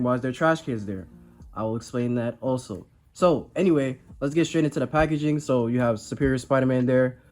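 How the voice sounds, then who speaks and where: An action figure reviewer with a medium-pitched, darkish voice sounds congested and under the weather. He gives a rambling, self-deprecating toy review in a casual chat.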